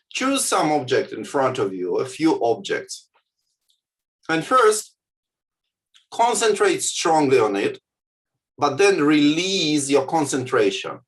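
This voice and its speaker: A man giving a talk on contemplative practice, speaking slowly and deliberately and often checking in with "yeah?". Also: on the high side. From Russia or former Soviet Union. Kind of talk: lecture with guided exercise. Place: video call.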